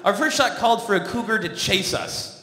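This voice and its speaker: A man's voice: high-pitched, lively intonation, brisk, noisy background. A male comedian telling a stand-up story on a theatre stage with a dry, wry comic delivery. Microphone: stage microphone. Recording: echoey theatre hall from a distance.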